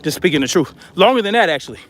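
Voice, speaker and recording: A man with a high voice talks to his viewers outdoors as he hikes uphill with a weighted pack. He sounds out of breath and is blunt and chatty, calling them y'all. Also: animated, racing, fairly bright tone. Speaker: vlogger. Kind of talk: casual monologue while hiking. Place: outdoors on a hiking trail.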